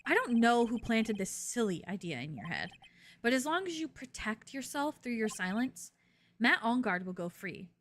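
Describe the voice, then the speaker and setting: A woman's voice: a little high, big pitch swings, a bit bright, a little hiss or hum. A woman reading a cold, formal male prosecutor. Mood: scornful. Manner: measured, lecturing and cutting. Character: cool, formal male prosecutor, young adult. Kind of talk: fan voice-over of a game's dialogue.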